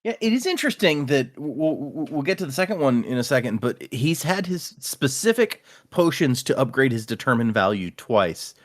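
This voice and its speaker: Lively man recapping a book. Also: mid-range voice, normal speed, few pauses. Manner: recaps the plot, acting out quotes. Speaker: podcast host. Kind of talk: casual book-club chat.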